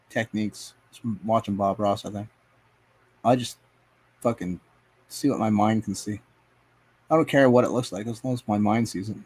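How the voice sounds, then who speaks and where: A man live streaming as he paints, rambling to himself and his chat in a casual, profane way. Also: on the low side. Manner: rambling, talks to himself and chat, swears often.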